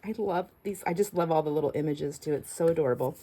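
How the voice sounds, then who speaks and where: A middle-aged woman hosting a casual crafting vlog. She chats warmly to viewers, gushing and laughing, with frequent restarts. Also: low voice, quick pace, low-quality recording. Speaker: craft channel host.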